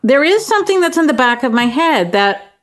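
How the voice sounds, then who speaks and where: A woman chats casually with her co-hosts in a slightly higher voice. She talks hesitantly, with a self-mocking edge, and laughs at herself. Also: sing-song, brisk. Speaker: podcast co-host. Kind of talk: casual chat.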